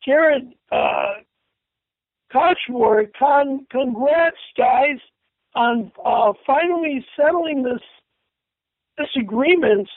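Angry caller type: raspy, high man spluttering profanity over a thin phone line on radio. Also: animated, very slow, pauses often, no room sound. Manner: furious, profane, stammering. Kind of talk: angry comic radio rant.

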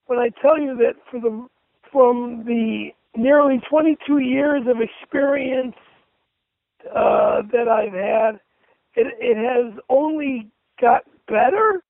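A man's voice: extremely high pitch, slow, vocal fry, no echo, narrow, tinny audio. A man ranting furiously and cursing while reading messages aloud, punctuation and all.

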